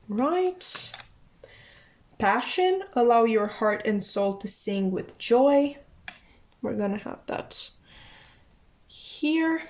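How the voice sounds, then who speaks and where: A young woman giving a casual tarot reading, taking her time over each card. She talks slowly and in a chatty way, thinks aloud, restarts her sentences and apologizes often, in a voice of middling pitch. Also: darkish tone. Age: young adult. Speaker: tarot reader.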